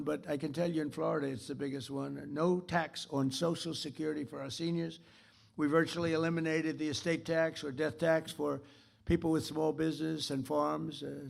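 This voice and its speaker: Rambling boastful keynote speaker, a man with a very gravelly, somewhat high voice, repeating himself from a stage podium. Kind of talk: political speech. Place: stage of a large theater.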